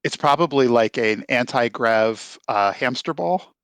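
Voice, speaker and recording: A man's voice: medium pitch, animated, unhurried, a bit bright, smooth, dry recording. A man playing in a tabletop game, reacting with enthusiasm and laughter to the story. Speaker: player. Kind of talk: casual chat.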